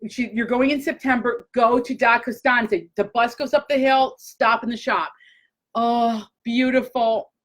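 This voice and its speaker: A woman hosting a casual live chat, gushing and excitable, talking straight to her viewers. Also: fairly high pitch, normal speed, rough recording. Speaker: host.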